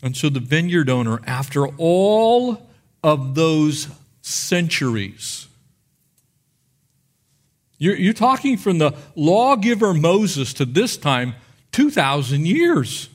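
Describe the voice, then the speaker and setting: A male pastor preaching with a high, very lively voice that swoops up and down as he tells the stories. He acts out the figures and talks straight to his congregation. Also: slow. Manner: animated storytelling, acts out biblical figures. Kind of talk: sermon.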